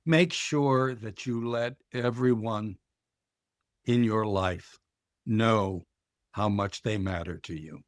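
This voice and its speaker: An older man, a professor, speaking slowly and earnestly as a podcast guest, with a dry wit. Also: fairly low pitch, no echo. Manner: measured, earnest, with dry sarcasm. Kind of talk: podcast interview.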